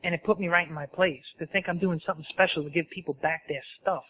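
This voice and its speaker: A man's voice: fairly high pitch, fairly even intonation, quick pace, highs cut off, slight background noise. A man telling his recovery story at a meeting in a candid, self-mocking storytelling way. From New Jersey. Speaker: speaker sharing at a recovery meeting. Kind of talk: personal recovery talk to an audience.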